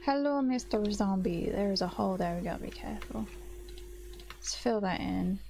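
A woman's voice: medium pitch, creaky, dark tone, slight background noise. A young woman casually commenting on her own gameplay, chatty and self-mocking, greeting monsters in a sing-song voice. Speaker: gaming channel host.

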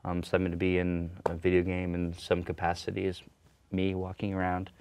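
A young man with a very low voice talks easily through an interview. He tells his stories in a relaxed way and jokes at his own expense. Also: brisk, clean tone. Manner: relaxed, joking storyteller. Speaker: actor and guest. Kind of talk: casual interview chat.

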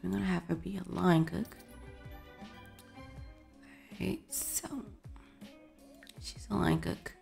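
A woman's voice: fairly low pitch, fairly even intonation, slow, creaky, pauses often. A woman hosting a casual let's play, chatting and exclaiming at the characters in her game. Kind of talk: casual gameplay commentary. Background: faint background music.

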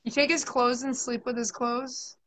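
A woman's voice: on the high side, level tone, normal speed, a bit bright, low-quality recording. A woman psychic medium giving a live reading, soothing and chatty, often repeating herself.

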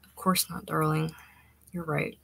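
A woman voicing a soft, anxious young bride-to-be. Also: low voice, flat delivery, unhurried, gravelly, no echo, full character voice.

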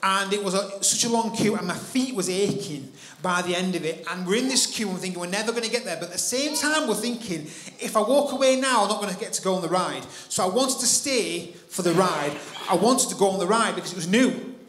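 A man preaching in church, telling a personal story with animated delivery and acting out his own thoughts. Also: high-pitched, fairly quick, few pauses, roomy sound. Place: church hall.

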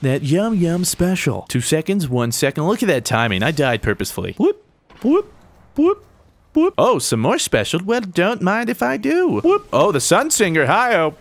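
A man giving jokey, excitable gameplay commentary, full of mild exclamations. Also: fairly high pitch, moderate pace. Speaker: gaming YouTuber.

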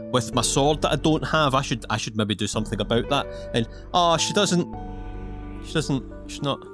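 A man giving cheeky, rambling, in-character commentary while playing a video game. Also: a little high. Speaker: gaming YouTuber. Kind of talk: playful in-character gameplay commentary. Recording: game music playing behind.

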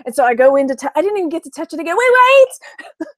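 A woman's voice: high-pitched, very fast, a little mellow, no echo. A middle-aged woman from Texas, chatting casually to camera about her week and her reselling business, laughing often and imitating her mother. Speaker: online reseller vlogger.

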